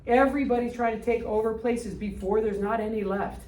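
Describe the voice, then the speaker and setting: A woman's voice: on the high side, fairly even intonation, darkish tone, a little hiss or hum. Blunt older woman teacher, echoey room. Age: 60s. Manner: blunt, quizzing students with rapid questions. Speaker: history teacher. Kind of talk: classroom lecture. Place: classroom. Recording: echoey room, distant mic.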